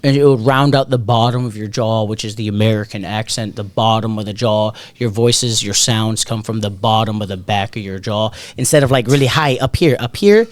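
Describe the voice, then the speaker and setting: A man's voice: lowish voice, fairly quick, few pauses. A young man co-hosting a podcast in loose, joking chat, swearing freely and poking fun at himself. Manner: joking, profane and self-mocking. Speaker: podcast co-host. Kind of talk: casual chat.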